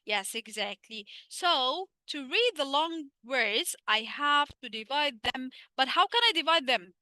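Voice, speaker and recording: A woman with an Egyptian accent, a native Arabic speaker, teaching a live online English lesson. She asks questions and answers them herself, says her English slowly and her Arabic asides fast. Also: sits high, lively intonation, sharp tone, no echo.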